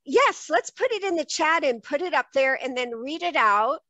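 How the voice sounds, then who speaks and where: A woman's voice: sits high, animated, normal speed, sharp tone, no echo, dull audio. A woman hosting an interview on a video call, effusive and encouraging toward her guest. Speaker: host.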